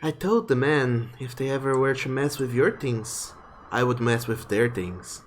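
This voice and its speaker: A man's voice: mid-range voice, unhurried, soft background music, close to an everyday voice. A man voicing a confident female sea captain who teases and challenges a younger companion. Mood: smug.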